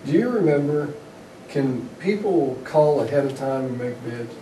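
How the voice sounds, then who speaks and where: A man's voice: mid-range voice, lively intonation, a little slow. A man, a county official, speaking plainly at a public board meeting. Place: meeting room. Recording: echoey room, distant mic, background noise.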